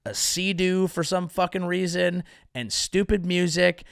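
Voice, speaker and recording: Casting: young male comic host, sarcastic and profane, rambling riffs, slightly high voice, dry close sound. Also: little pitch movement, measured pace, gravelly, smooth, no echo. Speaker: podcast host and comedian. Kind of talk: comedic monologue.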